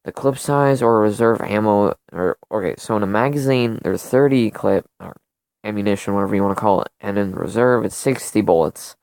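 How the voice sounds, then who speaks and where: A young man in a low, gravelly but smooth voice hosts a casual gaming video, rambling through stats with constant fillers and second-guessing. He sounds close and dry, recorded at home on a desktop mic. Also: fairly quick, a little mellow, dry recording. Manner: rambling, self-correcting, lots of fillers. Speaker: gaming channel host. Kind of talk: casual gun comparison commentary. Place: home room during a thunderstorm.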